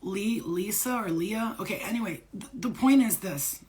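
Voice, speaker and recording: A woman psychic medium speaks straight to her audience in a loose, unscripted way. She is blunt and emphatic, drops swear words and street slang, and repeats lines to press her point. Her voice sits at an ordinary middle pitch. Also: normal speed, darkish tone. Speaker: psychic medium giving spirit readings. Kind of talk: casual unscripted channeling talk to viewers.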